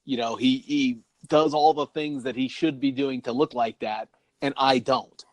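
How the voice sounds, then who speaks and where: A man's voice: mid-range voice, steady tone, normal speed, no room sound. A man co-hosting a podcast in casual chat, rambling and laughing often as he talks. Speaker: podcast co-host.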